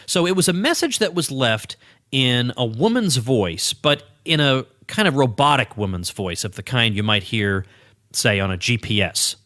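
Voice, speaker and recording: Lively man telling a story, bright voice. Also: medium pitch, moderate pace, dry recording, clean studio sound. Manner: lively, playful, animated retelling with laughs. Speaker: podcast host. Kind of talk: casual storytelling monologue. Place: small home office. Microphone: studio microphone.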